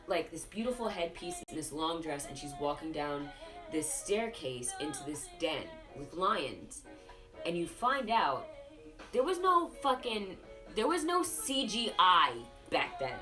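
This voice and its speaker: A tipsy woman hosting a casual film review, telling the story in a profane, rambling, gossipy way. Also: low-pitched. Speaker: host. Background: music playing.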